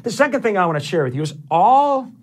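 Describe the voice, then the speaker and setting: A man's voice: high-pitched, big pitch swings, quick pace. Emphatic middle-aged male pastor preaching. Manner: emphatic, repetitive preaching with numbered points. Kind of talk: sermon.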